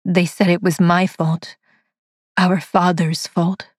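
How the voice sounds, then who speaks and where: A woman voicing a battered, weary young woman who speaks quietly and submissively in a storybook reading. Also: on the low side, flat delivery, takes it slowly, husky, dry recording, clean studio sound. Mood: subdued. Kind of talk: audiobook dialogue read by a narrator.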